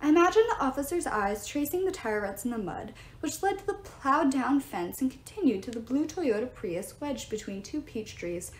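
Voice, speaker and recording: A woman reading a novel aloud, her fairly high voice rising and falling with lively expression. The reading sits in a roomy space with a clear echo. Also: normal speed, few pauses. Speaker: audiobook reader.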